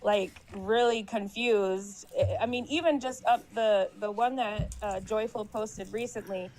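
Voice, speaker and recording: A woman's voice: medium pitch, a little slow, darkish tone, rough recording. A woman co-hosting a casual chat, agreeable and chatty.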